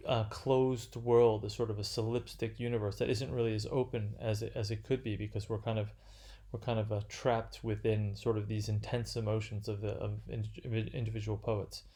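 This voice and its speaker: A man giving an unscripted literature lecture, halting and full of fillers and restarts. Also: lowish voice, a little mellow.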